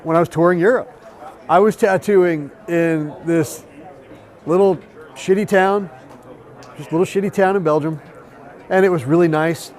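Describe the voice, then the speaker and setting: A man, a tattoo artist, telling travel stories in casual chat, animated and profane. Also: high voice, moderate pace, long pauses. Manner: profane, animated storytelling with quoted voices. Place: busy tattoo convention.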